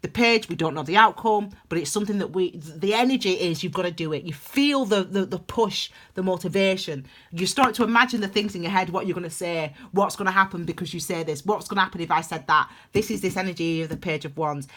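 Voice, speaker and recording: A woman's voice: lowish voice, fast, few pauses, fairly bright tone. A woman giving a casual tarot reading, rambling and emphatic with lots of restarts. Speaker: tarot reader.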